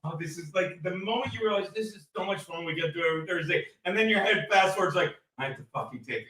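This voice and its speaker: A man's voice: sits high, fast talker, echoey room. A man telling a story in rowdy comedic banter, acting out his own reactions. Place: crowded bar. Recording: noisy bar crowd behind. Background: loud bar crowd.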